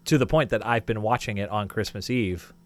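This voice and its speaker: A man co-hosting a podcast in casual chat, animated and bouncy, acting out little quotes as he talks. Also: fairly low pitch, a little fast. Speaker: podcast co-host.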